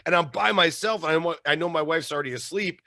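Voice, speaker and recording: Animated male podcast host. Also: on the high side, fast, creaky, no room sound, studio quality. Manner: animated, laughing fan talk. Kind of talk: casual interview chat.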